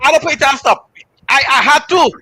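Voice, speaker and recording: A young man with a Trinidadian accent, hosting a casual aftershow chat with animated, joking talk full of local slang. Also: very high voice, brisk, over a noisy crowd. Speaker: host.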